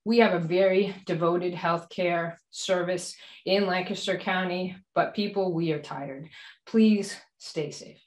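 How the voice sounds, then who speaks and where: A woman's voice: fairly low pitch, steady tone, measured pace. A woman doctor telling a true personal story at a live storytelling event, acting out her own panicked quotes. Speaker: doctor and practice manager. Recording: echoey live venue.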